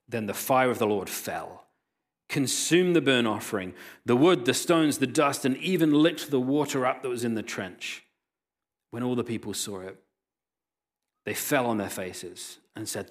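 A male pastor preaching a sermon, reading scripture aloud and retelling the story with lively voiced quotes. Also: mid-range voice, normal speed. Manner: animated storytelling, voicing quoted characters.

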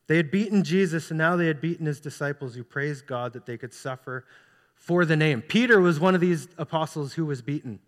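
Earnest pastor with a high voice. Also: male voice, brisk. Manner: earnest, rhetorical questions to the congregation. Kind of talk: sermon. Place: church sanctuary. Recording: long reverb of a large hall.

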